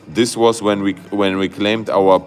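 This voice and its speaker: Low-voiced man streaming live chart commentary. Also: measured pace. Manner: excitable, loose grammar, many fillers and "guys". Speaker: crypto livestream host.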